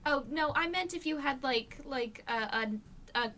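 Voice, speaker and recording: A woman player in a tabletop role-play game, talking slowly with polite hesitations. Her voice sits fairly high. A clear noisy hiss runs behind her. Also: sharp tone.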